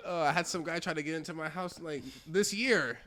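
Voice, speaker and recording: A young man co-hosting a podcast, telling stories in an animated way and laughing often. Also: on the high side, a little fast. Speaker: podcast co-host. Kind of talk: casual chat, storytelling.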